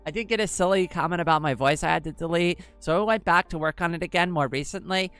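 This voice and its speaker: A woman's voice: fairly low pitch, fast talker, fairly bright tone, clean tone, soft background music. Chatty androgynous-voiced woman streamer. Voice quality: androgynous-sounding voice. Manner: chatty, rambling, many fillers and restarts. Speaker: livestream host. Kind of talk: casual livestream chat, answering chat.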